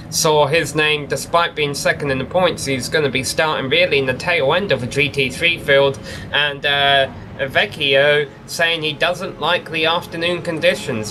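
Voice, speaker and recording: A man's voice: fairly high pitch, a little hiss or hum. A man from England, commentating a sim race in a chatty, informative way. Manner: chatty, informative, builds up excitement at race start. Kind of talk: sim racing play-by-play commentary.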